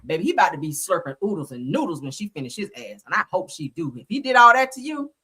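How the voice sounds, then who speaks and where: A woman's voice: lowish voice, sing-song, fast talker, pushed and bright, breathy edge. A woman, hosting a live stream, gossiping bluntly and sassily about reality TV while laughing and answering her chat. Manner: sassy, blunt, laughs often, talks to the chat. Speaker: reality TV commentary host.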